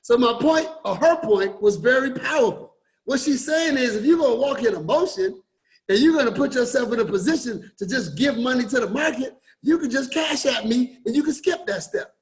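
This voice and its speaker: A man giving a motivational talk to an online group, repeating his points and swinging between loud emphasis and quiet drops. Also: very high-pitched, expressive, fairly quick. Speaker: forex coach and motivational speaker.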